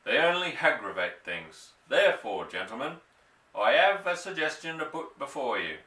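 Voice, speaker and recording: A man's voice: medium pitch, very animated, normal speed, pushed and bright, roomy sound, recorded from a distance. A man voicing a sly, jovial village police sergeant, dropping and adding h's. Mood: hearty. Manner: hearty, dropping and adding h's, mock-respectful.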